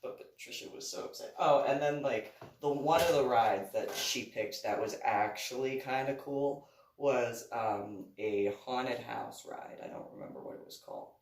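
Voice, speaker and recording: A woman's voice: a bass voice, normal speed, a little mellow. A woman author telling a story casually, rambling and meandering with lots of "like" and "you know" between her words. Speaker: author reading and commenting on her book. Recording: echoey room, voice from a distance.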